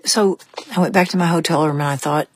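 A woman's voice: sits low, quick pace, husky, no echo. An older woman, a musician guest, telling stories in a reflective, thinking-aloud way during a casual interview.

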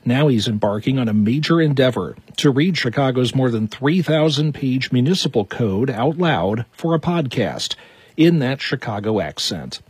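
Male anchor reading intro, really raspy voice, dead dry studio. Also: medium pitch, normal speed, no room sound. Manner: steady, formal read. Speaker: news anchor. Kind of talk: scripted news intro.

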